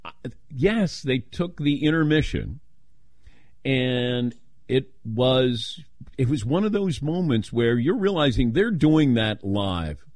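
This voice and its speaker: An older man hosts a radio show in a close, dry studio sound. His pitch swoops widely as he tells stories and slips into playful voices when quoting people. His voice sits in an ordinary middle register. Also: very animated, slow pace, a little mellow, no echo. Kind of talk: casual talk radio chat.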